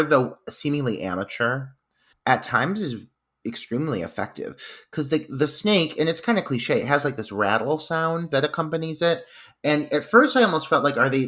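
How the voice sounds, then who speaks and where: This is a man co-hosting a film podcast in a loose, casual way. His voice sits in a middle pitch but moves up and down very expressively. He jokes around and laughs easily as he talks. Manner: animated, jokey, laughs often. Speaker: podcast co-host. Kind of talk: casual film review chat.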